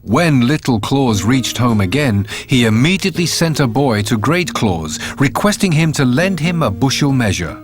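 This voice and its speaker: A man narrating a fairytale in an expressive, animated reading. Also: medium pitch, normal speed, few pauses. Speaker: storyteller. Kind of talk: storybook narration. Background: faint music.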